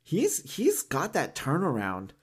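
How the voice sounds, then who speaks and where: A man's voice: on the high side, huge pitch swings, takes it slowly, slightly rough. A laughing, casual male co-host. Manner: laughs often, many "like" fillers, acts out quoted voices. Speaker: podcast co-host. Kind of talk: casual chat.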